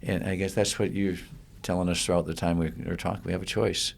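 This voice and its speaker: A man's voice: deep voice, level tone, brisk, creaky. A man hosting a podcast interview, commenting on a guest's story with short affirming replies. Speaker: podcast host.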